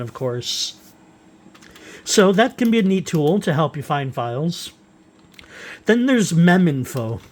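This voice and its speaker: A man walking through software tools he wrote, unscripted and halting, with frequent fillers and restarts. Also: on the high side. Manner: rambling, halting, with many uhs and restarts. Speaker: software developer presenting his utilities. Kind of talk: unscripted screen-recorded software walkthrough.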